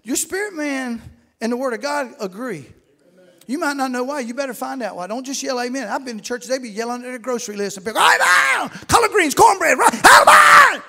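A middle-aged man preaching a sermon with folksy storytelling, acting out shouting congregants as he goes. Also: very high voice, quick pace.

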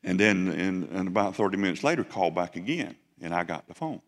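A man preaching from the pulpit, his lowish voice ringing through a church hall with a long reverb. He tells a story in a relaxed, folksy way and teases his listeners now and then. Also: brisk. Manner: folksy, conversational, jokes with the congregation. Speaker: pastor. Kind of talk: storytelling sermon. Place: church sanctuary.

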